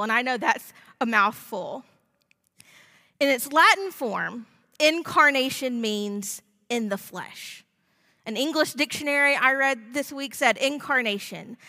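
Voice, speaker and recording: A woman pastor preaching a sermon in a measured, deliberate way. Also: fairly high pitch, pushed and bright, long reverb tail.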